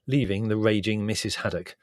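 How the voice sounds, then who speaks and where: A man's voice: fairly low pitch, a little fast, no echo. A man reading a comic memoir aloud in a wry, dry and understated storytelling manner. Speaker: narrator.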